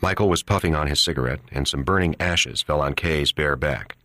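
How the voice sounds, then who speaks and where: Fairly quick in pace, a man narrates an audiobook in an even, steady manner. His voice is extremely deep and low, and the close, dry recording has no room echo.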